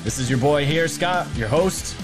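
A man's voice: fairly high pitch, moderate pace. A man hosting a casual political livestream, rambling and jokey, with plenty of filler words. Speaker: livestream host. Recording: music playing underneath.

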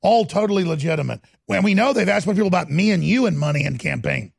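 Gravelly, husky male talk show host. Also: sits high, animated, fast talker, no echo, clean studio sound. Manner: combative, cuts in often.

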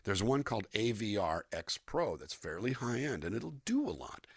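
A low-voiced older man chats as an interview guest, his pitch rising and falling a lot as he acts out lines. His voice is a little husky, and the sound is dry and close to the mic. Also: moderate pace, no room sound. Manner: animated, demonstrates voices and melodies mid-sentence. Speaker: singer-songwriter guest. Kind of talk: relaxed interview conversation. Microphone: USB microphone.

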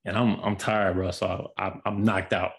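A man's voice: sits low, level tone, moderate pace, creaky. A man co-hosting a podcast, chatting in a laid-back way and laughing easily. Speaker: podcast co-host. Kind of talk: casual chat.

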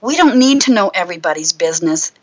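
A middle-aged woman minister, a guest on a talk show, sharing a personal testimony in a casual, lively storytelling way. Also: fairly low pitch, fast talker, rough recording. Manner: lively storyteller who acts out her own past thoughts.

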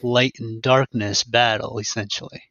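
A man's voice: mid-range voice, fairly even intonation, moderate pace, fairly bright tone, no echo. A man thinking aloud on a casual book podcast, musing over theories. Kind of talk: casual book-club chat. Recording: dry, dull lo-fi sound.

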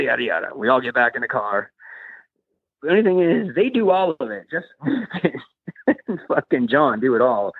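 A man's voice: mid-range voice, breathy edge, no echo. A man casually telling a long, rambling anecdote, laughing often and acting out the voices of other people. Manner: animated, laughs often, acts out quoted voices. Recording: tinny phone-like sound.

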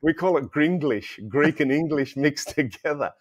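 A man's voice: on the high side, moderate pace, no echo, clean studio sound. A man with an Australian accent, a chocolatier guest in a casual interview, joking and laughing as he talks. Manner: jokey, laughs while talking.

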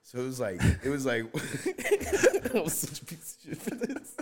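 A man's voice: medium pitch, fast. A young man, a podcast guest, telling stories in casual chat with lots of slang, swearing and laughter. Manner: animated, laughing storyteller with heavy slang and swearing.

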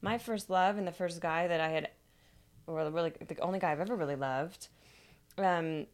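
A woman with a slightly low voice tells a personal story as a podcast guest. She talks in a chatty, casual way, with lots of "like" and the odd laugh. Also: normal speed.

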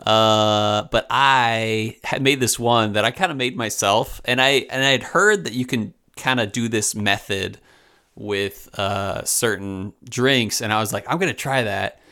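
A man co-hosting a podcast, talking in a relaxed, jokey way with hesitant fillers. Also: fairly low pitch, unhurried, smooth. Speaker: podcast co-host. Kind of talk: casual chat.

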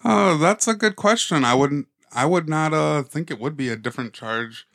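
A man's voice: a little high, creaky, a bit bright, no room sound, clean studio sound. A man co-hosting a podcast, reacting with short joking remarks in casual chat. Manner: quick reactive quips. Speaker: podcast co-host.

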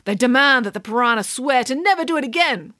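A woman's voice: high voice, expressive, fast talker, pushed and bright, dry recording, voice pushed up. A woman voicing a playful, imaginative mother telling a tall tale, in a matter-of-fact, mock-serious manner. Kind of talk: storybook reading.

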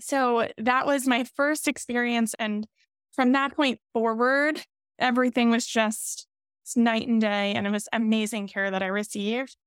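A woman's voice: fairly high pitch, measured pace, clean tone, no echo, studio quality. A pregnant woman, a podcast guest, candidly and emotionally recounting her path through pregnancy loss to midwifery care. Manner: candid, emotional, animated quoting of others. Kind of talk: emotional personal storytelling.

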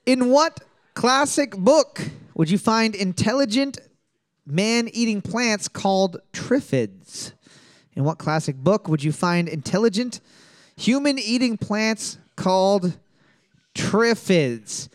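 A man's voice: high-pitched, animated, takes it slowly, no room sound, clean studio sound. A man hosting a trivia podcast, reading questions twice and joking and laughing with his co-host. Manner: repeats each question twice, laughs easily.

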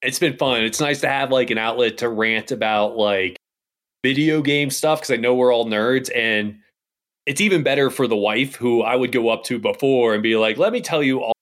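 A man co-hosting a casual gaming podcast, an animated storyteller who fills his talk with "like". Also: mid-range voice, normal speed. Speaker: podcast co-host.

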